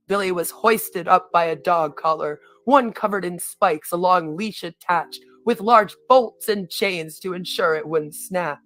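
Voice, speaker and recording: A woman's voice: fairly low pitch, fairly bright tone, dry recording. A woman reading a story aloud on a stream, in a theatrical manner, sometimes breaking off to comment on her own reading.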